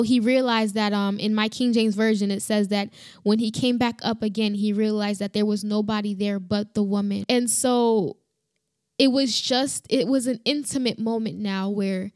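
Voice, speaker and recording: A woman sharing a personal Bible reflection, earnest and halting, often restarting and growing emotional. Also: medium pitch, fairly even intonation, darkish tone, no echo, studio quality. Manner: earnest, halting, many restarts and "you know".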